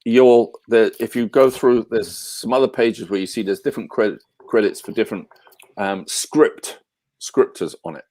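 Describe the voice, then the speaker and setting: A man with a somewhat low voice talks through a casual podcast chat. He stops and restarts often, hunting for words. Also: warm tone. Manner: halting, many restarts. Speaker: podcast co-host.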